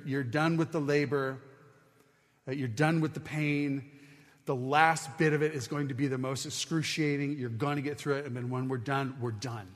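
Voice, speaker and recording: A man's voice: medium pitch, in a large hall. A man preaching a sermon as a pastor, teaching in an earnest, conversational way with frequent restarts.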